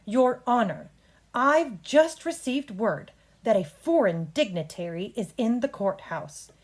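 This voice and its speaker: A woman reading as a slow, formal defense attorney. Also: on the high side, expressive. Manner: slow, deliberate, formal courtroom delivery. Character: earnest adult male defense attorney in a courtroom play.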